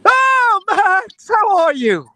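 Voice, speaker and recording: A performer voicing a shrill, brash male caller who yells to his partner at home. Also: big pitch swings, takes it slowly, crowd noise, exaggerated voice. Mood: chummy.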